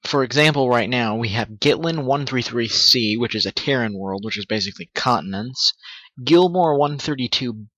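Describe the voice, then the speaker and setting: Casual male let's-player, bright tense voice, rambling self-corrections. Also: medium pitch, moderate pace, dry recording, low-quality recording. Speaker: gamer commentating a playthrough. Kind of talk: casual game commentary.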